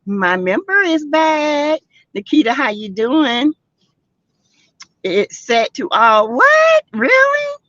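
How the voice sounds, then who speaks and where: With a high voice and a slow pace, a middle-aged woman from South Carolina hosts a laid-back gossip livestream, free of room sound. She's animated, exclaims a lot, and speaks directly to the chat, though the stream audio sounds dull and lo-fi.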